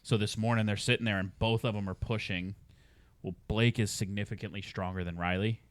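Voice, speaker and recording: Laid-back young dad, low voice. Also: male voice, steady tone, fairly quick, no room sound. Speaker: podcast co-host. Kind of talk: casual chat.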